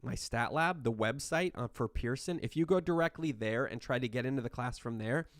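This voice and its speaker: A man's voice: mid-range voice, a little fast, dry recording, clean studio sound. A man teaching a statistics class in a recorded online lecture, talking casually with lots of restarts and checking in with "right?". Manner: conversational, tag questions, frequent restarts. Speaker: statistics instructor.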